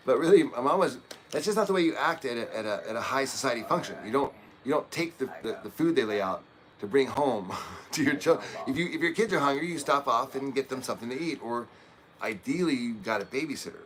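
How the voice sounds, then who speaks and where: A man's voice: mid-range voice, expressive, fast, fairly bright tone. Rambling middle-aged man from Oregon. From Oregon, USA. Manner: rambling, chuckles through heavy stories. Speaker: livestream host. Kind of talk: casual personal storytelling.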